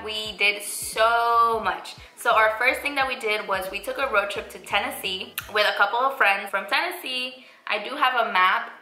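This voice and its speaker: A woman's voice: mid-range voice, pushed and bright. A young woman vlogger casually telling a story, chatty and full of "like" and "I was like". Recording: echoey room.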